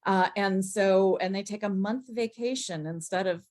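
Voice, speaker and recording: A woman's voice: medium pitch, moderate pace, a little mellow. Easygoing woman moderating a video call. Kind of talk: casual panel discussion.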